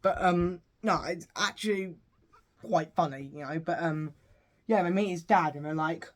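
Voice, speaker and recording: A man's voice: fairly high pitch, moderate pace. A British man giving a casual, rambling review of a show, full of fillers and asides. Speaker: home-video reviewer.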